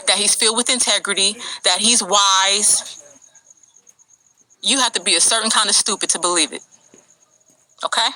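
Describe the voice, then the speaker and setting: A woman's voice: medium pitch, pushed and bright, low-quality recording. A woman venting on a livestream, agitated and emphatic, swearing and talking straight to her viewers. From United States. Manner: agitated, emphatic, profane, addresses viewers directly. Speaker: vlogger. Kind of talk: live-streamed personal rant to viewers.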